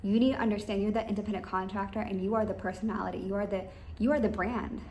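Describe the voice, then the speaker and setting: A woman's voice: medium pitch, fairly even intonation, quick pace, darkish tone. A woman giving rambling, emphatic business advice straight to her listeners. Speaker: business coach. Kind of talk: advice monologue. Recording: echoey room with faint ambient noise.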